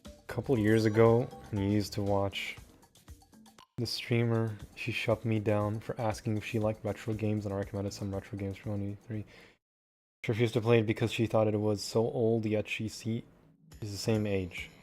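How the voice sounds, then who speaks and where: A young man with a fairly low voice chats easily with his viewers as he plays. His talk is loose and offhand, and faint music plays under it. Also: little pitch movement, moderate pace, darkish tone. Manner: chatty, laid-back, talking back to chat between moves. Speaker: streamer. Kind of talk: casual chat while streaming a game.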